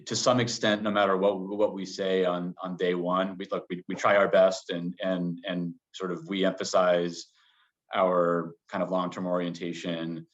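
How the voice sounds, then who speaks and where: Man, very low voice, measured, hedging, interview guest, dull lo-fi sound. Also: level tone. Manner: measured, hedging with many qualifiers. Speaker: business partner interviewed as guest. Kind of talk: interview answers.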